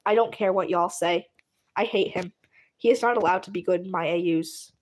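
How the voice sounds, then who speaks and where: A woman's voice: on the low side, normal speed, darkish tone. A woman telling a fan story casually while drawing, giggling and rambling with lots of fillers. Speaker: channel host.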